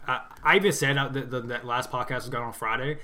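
A man's voice: mid-range voice, steady tone, fast talker, a loud crowd. A young man hosting a casual podcast, talking loosely with lots of fillers and jokes. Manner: loose, filler-heavy, joking. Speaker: podcast host. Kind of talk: casual chat.

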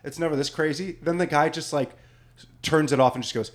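Young comedian dude rambling thru a story, cussing, lots of "like". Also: male voice, a little high, a little fast. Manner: rambling, swears a lot, heavy use of "like". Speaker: podcast co-host and comedian. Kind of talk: casual storytelling chat.

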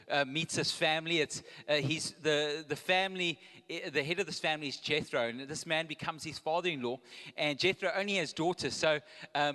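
Man, preacher, casual joking sermon, forceful bright tone, long reverb of a church hall. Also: a little high. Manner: conversational, with joking asides and restarts. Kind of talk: live sermon. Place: church auditorium.

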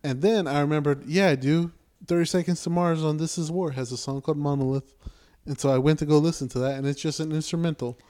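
A man's voice: on the high side, fast, few pauses. A man co-hosting a podcast in casual chat, swearing freely and acting out what people said in his stories. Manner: profane, animated when quoting people. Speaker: podcast co-host.

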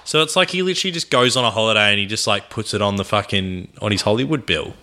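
A quick-talking man with a sharp, forceful voice, pitched a bit low. He fires off questions and theories in casual banter. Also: animated. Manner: quick, questioning, bright delivery. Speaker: podcast co-host.

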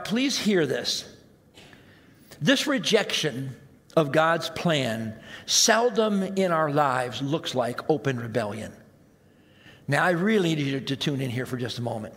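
High-voiced man preaching in a reverberant hall. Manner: conversational preaching, swinging between raised emphasis and hushed, slow asides. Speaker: pastor. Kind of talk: sermon. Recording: long reverb of a large hall.

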